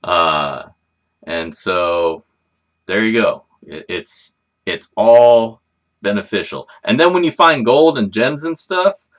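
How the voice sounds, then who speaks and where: A man's voice: mid-range voice, a bit bright. A man hosting a casual livestream, chatting in a rambling, laid-back way and swearing freely. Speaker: livestream host.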